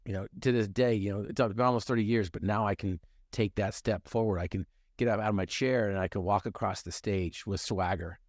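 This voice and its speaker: Earnest low-voiced middle-aged man. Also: fairly even intonation, fairly quick, darkish tone, no echo, clean studio sound. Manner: earnest, emphatic, repeats phrases for effect. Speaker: motivational speaker telling his story. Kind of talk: personal storytelling in a conversation.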